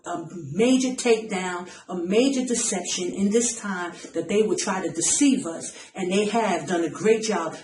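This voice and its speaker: A woman's voice: mid-range voice, a little slow, hardly any pauses, a little mellow, roomy sound, slight background noise, rough recording. A woman preaching an impassioned online message, urgent and pleading, repeating her phrases for emphasis. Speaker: self-styled preacher.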